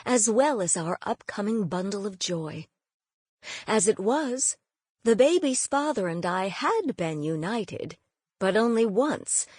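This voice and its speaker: A woman narrating a novel in the first person with a wry, measured storytelling manner. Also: mid-range voice, a little mellow, breathy edge, no echo, clean studio sound. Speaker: audiobook narrator.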